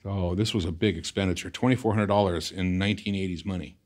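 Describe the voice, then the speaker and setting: A middle-aged man from California's San Fernando Valley is an interview guest telling a story at a fast clip. He animatedly acts out past conversations, his voice leaping high with excitement.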